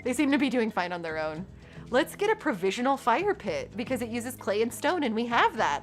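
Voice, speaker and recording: A young woman streaming a life-sim game, chatting to her viewers and often squealing with excitement. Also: fairly high pitch, a little fast. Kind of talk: gaming livestream chat. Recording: faint background game music.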